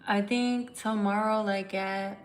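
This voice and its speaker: A woman's voice: mid-range voice, fairly even intonation, takes it slowly, a little hiss or hum. A tired woman who reads tarot, chatting candidly and emotionally with viewers on a livestream, swearing casually. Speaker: tarot reader.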